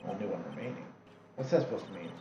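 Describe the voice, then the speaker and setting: A man's voice: on the low side, animated, fast talker, reverberant, noisy background, lightly acted. A man voicing a young male defense lawyer, sounding puzzled and wry while reading a game's dialogue on stream.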